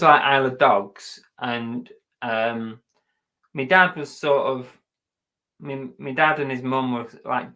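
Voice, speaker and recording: A chatty man with a London accent and a bright, forceful tone. He hosts a casual live stream, teasing and joking as he goes. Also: medium pitch. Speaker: reseller vlog host.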